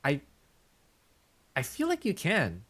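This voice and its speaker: A man's voice: on the high side, wildly swooping pitch, takes it slowly, a bit bright, slightly rough. A male streamer chatting casually with his viewers, playful and teasing in mock-villain banter.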